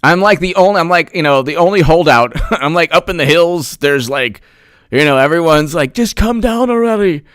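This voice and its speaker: A man giving solo political commentary, excitable and sarcastic, talking straight to the viewers and laughing at his own jokes. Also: a little high, moderate pace, smooth, no room sound, clean studio sound.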